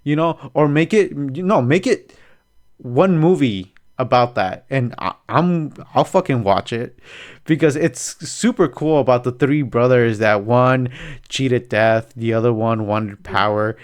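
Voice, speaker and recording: A man hosting a casual podcast chat, telling stories in an animated way and swearing freely. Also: medium pitch, a little slow, smooth. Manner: profane, animated storyteller. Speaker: podcast host.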